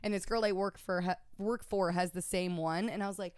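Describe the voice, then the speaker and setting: A young woman co-hosting a podcast, telling a story in a casual, animated way, laughing often and swearing freely. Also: on the low side, fairly quick, clean tone, no room sound. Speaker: podcast co-host. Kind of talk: casual chat.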